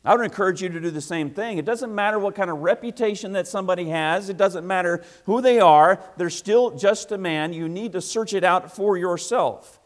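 High-voiced emphatic male preacher. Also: fairly quick, hardly any pauses. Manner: emphatic, repetitive, swings from loud to hushed. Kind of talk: sermon.

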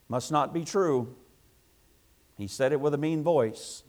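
A man preaching a sermon to a congregation, emphatic and repetitive, swinging between loud passages and hushed asides. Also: fairly high pitch, unhurried.

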